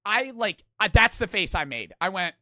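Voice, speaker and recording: A man's voice: high-pitched, lively intonation, normal speed, sharp tone, no echo. A young man streaming, telling a story casually, rambling and swearing a lot.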